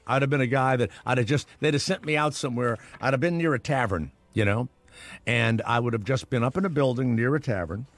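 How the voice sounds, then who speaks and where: A man's voice: mid-range voice, a bit bright, dry recording. A middle-aged man hosting a morning radio show, rambling and sarcastic, with lots of restarts and asides.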